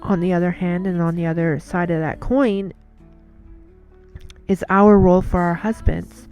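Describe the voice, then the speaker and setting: A woman's voice: on the low side, steady tone, unhurried, darkish tone, clear, resonant tone, faint music behind. A woman giving an earnest devotional talk in a casual monologue, telling stories and repeating words as she goes.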